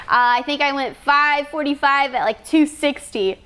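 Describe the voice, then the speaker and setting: A young woman, a drag racing driver, telling an excited story in an interview, laughing often and restarting her sentences. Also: high-pitched, normal speed.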